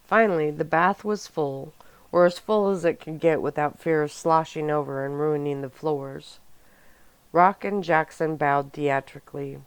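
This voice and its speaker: A woman narrating a first-person novel in a calm, soft-spoken ASMR audiobook reading. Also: low voice, unhurried, clean tone, no room sound.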